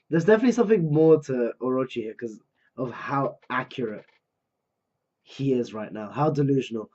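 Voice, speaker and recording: Man, manga reaction host, excitable, loud outbursts, warm dark voice, muffled lo-fi sound. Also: mid-range voice, normal speed. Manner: excitable, bursts into loud exclamations. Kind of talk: live reading and reaction. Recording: dull lo-fi recording.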